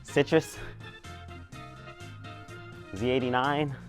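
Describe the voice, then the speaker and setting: A man's voice: medium pitch, steady tone, extremely slow, faint music behind. A man playing a cheesy game show host with breezy, showy quiz patter in a spoof commercial. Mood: chipper.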